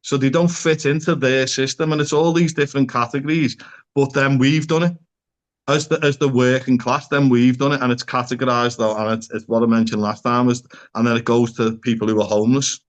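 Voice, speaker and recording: An earnest man speaking as a psychotherapist guest on a podcast. His voice sits at an ordinary middle pitch, and he talks it through casually and keeps asking rhetorical questions. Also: steady tone, fairly quick.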